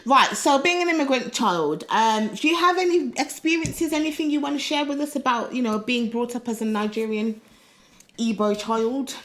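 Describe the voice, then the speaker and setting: A woman's voice: fairly high pitch, moderate pace, fairly bright tone. A young woman in her twenties co-hosting a casual podcast, leading the conversation with a playful, teasing manner. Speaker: podcast co-host. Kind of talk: casual chat.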